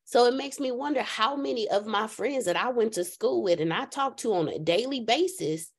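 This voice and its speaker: A woman in her thirties on a video call, talking reflectively and haltingly, with many restarts. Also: on the high side, expressive, husky. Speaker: group call participant, aspiring foster mom. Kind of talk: casual emotional chat.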